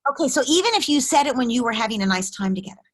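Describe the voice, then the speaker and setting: Her voice a little high, expressive, and rapid-fire, a middle-aged woman runs a parenting call-in session by video call. As the expert hosting office hours, she gives callers warm coaching that stays empathetic yet direct.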